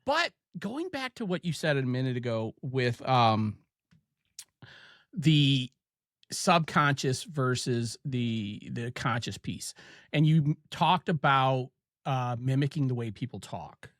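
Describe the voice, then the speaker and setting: A man's voice: mid-range voice, animated, no echo. Male podcast host, Ohio accent, easygoing storyteller, dry close sound. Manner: chatty, storytelling, quick asides and laughs. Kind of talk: casual podcast chat.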